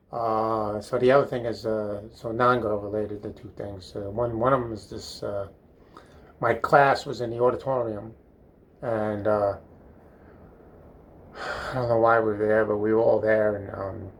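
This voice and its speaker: A man's voice: fairly low pitch, creaky, slight background noise. An older man telling rambling comic stories about his school days, full of fillers and self-amused chuckles. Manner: meandering, filler-heavy, chuckling at himself. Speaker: comedic storyteller. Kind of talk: rambling storytelling monologue. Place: bathroom.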